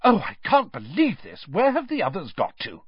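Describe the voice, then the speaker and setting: A man doing Hermione, brisk clever schoolgirl. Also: sits high, huge pitch swings, husky, dry recording, muffled recording, pitched above the performer's own voice, heavily acted. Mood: urgent. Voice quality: quick, earnest and bossy. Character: brisk clever teenage girl witch.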